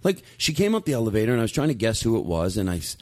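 Animated man telling stories. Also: lowish voice, very fast. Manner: animated, rambling with frequent restarts and laughs. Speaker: podcast host. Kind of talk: casual storytelling chat.

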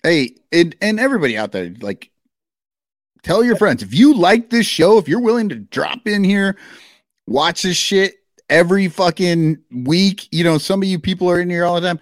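A man co-hosting a casual podcast, talking in a loose, profane, animated way. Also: high voice, moderate pace, no echo, studio quality. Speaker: podcast co-host.

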